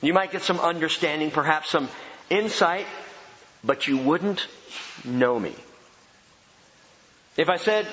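A man preaching a sermon as pastor, emphatic and animated, repeating key phrases for effect. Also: on the high side, takes it slowly, pauses often. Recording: dull sound with long hall reverb.

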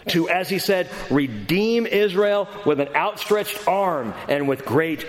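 A man preaches in a somewhat raised voice, acting out the voices of the scripture he quotes with big jumps up and down in pitch. His sermon rings with the long reverb of a large hall. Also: slow. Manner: animated, acts out quoted voices, wide swings in pitch. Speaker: pastor.

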